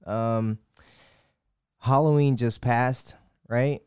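A man's voice: mid-range voice, fairly even intonation, extremely slow, a little mellow, clean tone, no room sound, clean studio sound. A man co-hosting a podcast in casual chat, easygoing and a little hesitant, with frequent ums. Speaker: podcast co-host.

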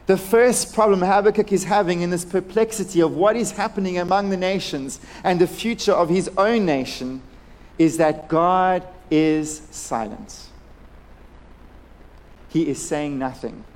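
High-voiced man preaching a sermon. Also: a little slow. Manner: earnest preaching, swinging between hushed and impassioned. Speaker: pastor.

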